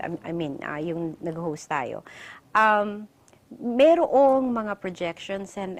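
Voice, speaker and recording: A Filipino woman hosting a TV interview, asking long questions and switching quickly between Tagalog and English. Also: on the low side, slight background noise. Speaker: TV news program host.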